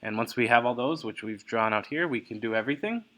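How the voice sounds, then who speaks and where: A man's voice: mid-range voice, animated, fast, a bit bright. A man teaching engineering, talking through a worked problem step by step with frequent fillers and self-corrections. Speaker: engineering instructor. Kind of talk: recorded lecture walkthrough.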